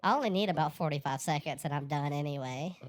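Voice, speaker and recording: A man's voice: on the high side, fast. A man whose voice runs through a voice changer that makes him sound like a woman, joking in a bawdy, flirtatious way. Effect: voice changer raising his voice to sound female.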